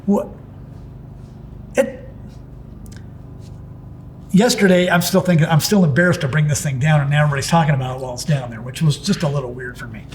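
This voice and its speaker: A middle-aged pinstriping artist with a fairly high-pitched voice talks a bit fast, pausing often, as he shares stories about his work in a casual interview. He rambles and restarts, with plenty of "it's like" asides, over slight background noise.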